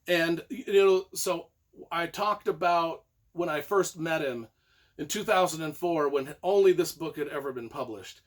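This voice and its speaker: A man giving an excited, casual book review, rambling and repeating himself, now and then breaking into loud emphatic bursts. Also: on the high side, unhurried.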